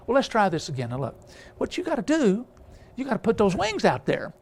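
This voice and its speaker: A man's voice: sits high, wildly swooping pitch, fairly quick, a little mellow, voice pushed up, full character voice. A man voicing a patient father eagle coaxing his son to fly, as part of a sermon story.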